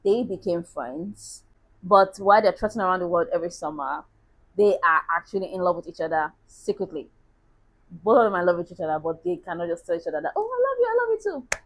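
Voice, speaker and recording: A woman's voice: lowish voice, a little fast, rough recording. A woman chatting casually as a book reviewer, laughing at herself now and then.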